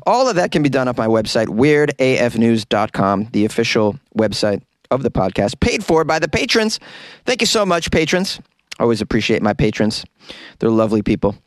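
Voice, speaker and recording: A man's voice: medium pitch, very animated, fairly quick, no room sound. Wry male comedian reading news. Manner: wry, jokey asides, mock exasperation. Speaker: podcast host and comedian. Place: closet. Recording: dry closet recording.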